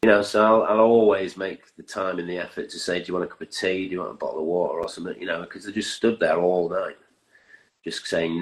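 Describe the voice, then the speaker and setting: Relaxed, dryly funny man in his fifties. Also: low voice, fast talker, rough recording. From northern England. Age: 50s. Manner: relaxed, dry humour. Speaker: guest musician. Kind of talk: casual interview chat.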